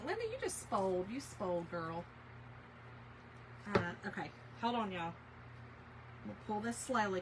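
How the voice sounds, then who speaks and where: The recording is rough, with a little hiss or hum. A woman whose voice is a little high, bright and forceful demonstrates a craft project on a casual livestream, chatting with viewers by name and leaning on fillers.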